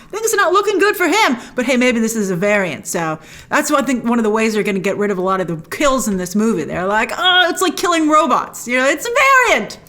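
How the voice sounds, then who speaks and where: A young woman talks through a film trailer as the host of a review show. Her voice sits on the higher side and swings up and down a lot as she chats. She is enthusiastic and quick with playful asides. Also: fairly bright tone. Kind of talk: casual trailer breakdown commentary.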